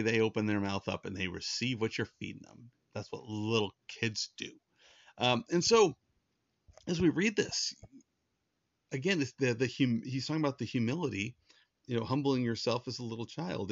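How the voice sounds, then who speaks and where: A man's voice: mid-range voice, gravelly, dry recording, muffled recording. A man preaching a sermon in an earnest, conversational way, often restarting his sentences. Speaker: pastor.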